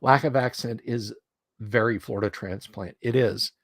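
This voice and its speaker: A man from the US South, hosting a relaxed livestream chat and rambling conversationally with many pauses and restarts. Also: mid-range voice, dry recording, studio quality. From Alabama, US South. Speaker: streamer host. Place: home studio room.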